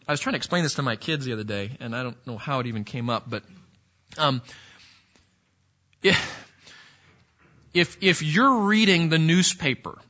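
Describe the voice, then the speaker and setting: Bright-voiced man preaching, lo-fi. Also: on the high side. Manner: earnest, conversational preaching with frequent restarts. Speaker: pastor. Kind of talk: sermon.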